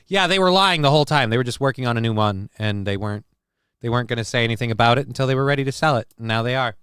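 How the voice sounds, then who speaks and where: A man's voice: medium pitch, very fast, fairly bright tone, clear, resonant tone, no echo, clean studio sound. A man hosting a casual live-stream show, reading chat messages aloud and riffing on them in a crude, joking, rambling way.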